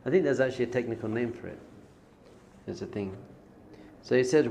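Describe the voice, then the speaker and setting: A man's voice: mid-range voice, a little fast, vocal fry, pauses often, darkish tone, a little hiss or hum. A male rabbi gives an informal spiritual lesson in a mid-range voice. He speaks conversationally and repeats phrases for emphasis. Hebrew terms come up naturally in his talk. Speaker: rabbi teaching.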